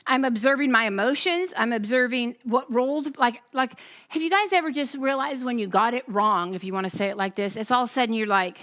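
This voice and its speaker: A woman pastor, giving a testimony sermon to her congregation as an animated storyteller who acts out the voices she quotes. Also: a little high, a little fast.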